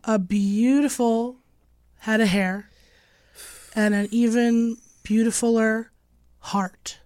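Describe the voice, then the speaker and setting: Hoarse lady w laryngitis hosting a podcast, kinda high voice, self-deprecating jokes, dry close sound. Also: steady tone, slow, a little mellow, no room sound. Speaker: podcast host. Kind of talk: casual chat.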